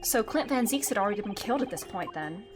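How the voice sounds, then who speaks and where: A young woman streaming a game, chatting casually in an excitable way, with swearing and frequent laughter. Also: medium pitch, fast, over music.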